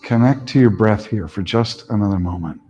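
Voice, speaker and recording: A man teaching a yoga class, giving slow, soothing relaxation and breathing cues that often trail off softly. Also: on the low side, faint music behind. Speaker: yoga instructor. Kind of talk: guided relaxation instruction.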